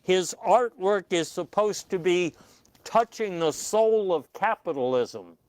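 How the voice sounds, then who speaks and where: A man hosting a comic news panel with a dry, deadpan delivery and hesitant fillers. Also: high-pitched, takes it slowly, clear, resonant tone, dry recording. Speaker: comedy news host.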